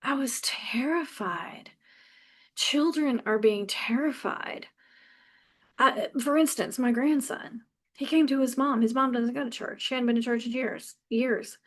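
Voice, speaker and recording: A woman's voice: on the high side, measured pace. A woman in her fifties hosting a podcast, talking passionately and bluntly in a candid personal monologue, swearing freely and often restarting her sentences. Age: 50s. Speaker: podcast host.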